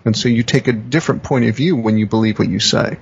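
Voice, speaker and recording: A man talks in a reflective, searching way as a podcast guest, repeating and rephrasing his points. His voice is gravelly and a bit husky. The audio is dull and lo-fi. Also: mid-range voice, fast. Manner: reflective, repeats and rephrases, acts out quoted phrases. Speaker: guest, coach and teacher. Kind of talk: conversational podcast explanation.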